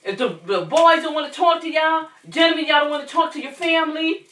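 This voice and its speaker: A woman's voice: sits high, fairly quick, sharp tone, a little hiss or hum. Grieving mother hosting her channel, impassioned repetitive warning to the men watching, echoey distant recording. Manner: preachy, repetitive, urgent, emphatic. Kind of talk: impassioned monologue to viewers. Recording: echoey room, distant mic.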